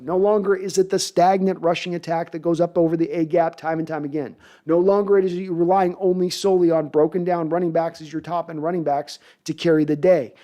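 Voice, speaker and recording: A man's voice: high voice, warm tone. A man hosting a sports podcast, delivering a rousing, preacher-like monologue to the fans. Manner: rousing, preacher-like pep talk.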